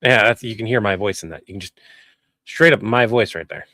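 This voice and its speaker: A man's voice: on the low side, sharp tone, dry recording. A man voice actor chatting casually on a live stream while editing, rambling and critical of his own takes. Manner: rambling, self-critical, halting. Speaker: voice actor and video editor.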